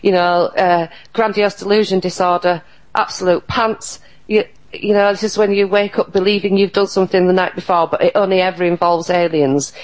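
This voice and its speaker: A woman speaks as an interview guest in a low register. She talks earnestly and emphatically, often stopping and restarting her sentences. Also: low-quality recording. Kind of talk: casual interview talk.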